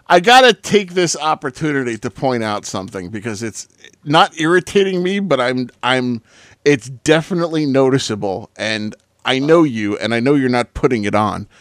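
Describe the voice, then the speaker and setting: A man hosting a casual podcast chat, talking in an animated, profane way and laughing loudly. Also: mid-range voice, moderate pace, dry recording, clean studio sound. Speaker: host, paramedic.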